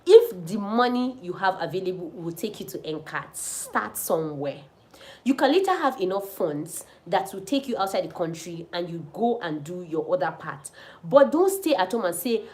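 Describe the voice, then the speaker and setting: A woman's voice: lowish voice, expressive, moderate pace. A young woman pilot with a Nigerian accent, answering viewers' questions in a chatty, advising live stream. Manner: chatty, advising, laughs often. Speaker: pilot and channel host.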